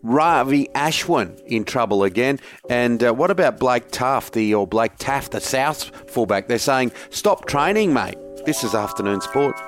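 Upbeat Australian radio host, faint music. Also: male voice, mid-range voice, normal speed, hardly any pauses. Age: middle-aged. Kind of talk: casual sports radio chat.

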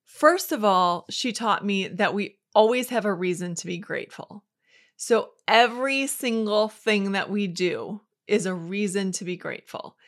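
A woman hosting a Christian devotional podcast, talking in an upbeat, chatty way as she tells everyday stories. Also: mid-range voice. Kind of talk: conversational devotional talk.

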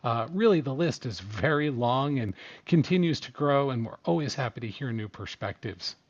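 A man's voice: mid-range voice, animated, moderate pace, highs cut off. New York-accented man hosting a podcast. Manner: conversational, frequent fillers. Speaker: podcast host. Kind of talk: casual live podcast chat.

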